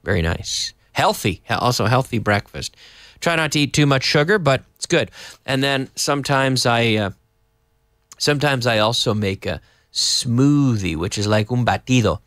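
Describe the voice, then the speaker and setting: A man teaching a live online English lesson, explaining slowly and adding Spanish glosses. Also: medium pitch, lively intonation, fairly bright tone, dry recording, studio quality.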